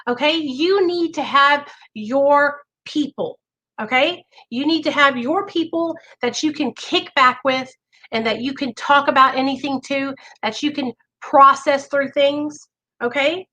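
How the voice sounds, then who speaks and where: A woman speaks straight to her viewers with a bright, forceful tone and a slightly high voice. She coaches in a chatty, earnest way, sprinkling in "like" and checking in with "okay?" as she goes. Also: a little slow, low-quality recording. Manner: chatty, with many "like" fillers. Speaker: vlogger sharing recovery advice. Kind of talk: casual advice talk to camera.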